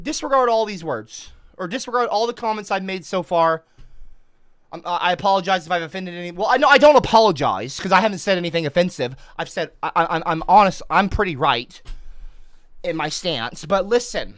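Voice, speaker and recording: Comedian voice, sharp bright tone, wild pitch swings, dry close sound, flips from heated to fake-calm. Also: moderate pace, no room sound. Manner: swings between heated outbursts and forced calm, sarcastic. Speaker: online comedian. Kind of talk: satirical rant reacting to an article.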